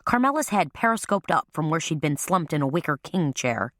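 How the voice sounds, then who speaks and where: A woman narrating a mystery audiobook in an even, storytelling way on a close studio mic. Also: sits low, a little fast, no room sound. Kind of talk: scripted narration.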